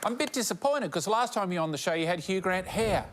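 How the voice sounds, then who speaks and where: A man's voice: high voice, animated, quick pace, over a noisy crowd, very noisy. A man hosting a quiz show in a TV studio, dry and mocking as he teases contestants. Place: TV studio before a live audience. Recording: TV studio with loud live audience and music.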